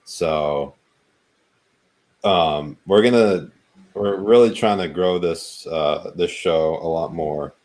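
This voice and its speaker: A man's voice: low-pitched, takes it slowly, a little mellow. A man co-hosting a podcast, chatting casually and laid-back with plenty of ums. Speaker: podcast co-host. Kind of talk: casual chat.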